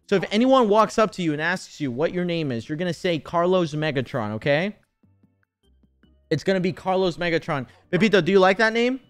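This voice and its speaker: This gaming live stream features a man in his twenties chatting casually, laughing, teasing and swearing plenty. His voice sits high and is clear and resonant.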